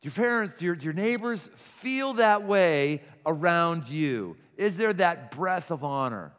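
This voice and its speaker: Animated middle-aged pastor in a reverberant hall. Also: male voice, a little high, slow pace. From Pittsburgh. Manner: animated, acts out little scenes with gasps and laughs. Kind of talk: sermon. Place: large church auditorium. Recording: long hall reverb from a church auditorium.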